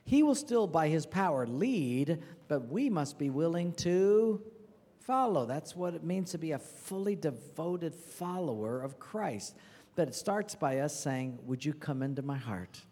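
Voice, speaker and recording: A man's voice: a little high, lively intonation, measured pace, mellow. A man, the pastor, closing the service with an earnest exhortation. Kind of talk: sermon. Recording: reverberant hall.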